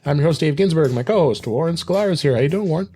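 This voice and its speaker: Relaxed man hosting a tech podcast. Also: on the high side, fast talker, husky, soft background music. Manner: relaxed, filler-heavy, reads news aloud. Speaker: podcast host. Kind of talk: casual tech podcast chat.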